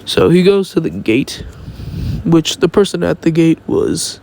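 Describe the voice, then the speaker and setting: A man's voice: fairly high pitch, sing-song, unhurried, vocal fry, a little mellow, a little hiss or hum. A young man casually making up a fan-fiction story as he goes, rambling and thinking aloud, recorded on his phone.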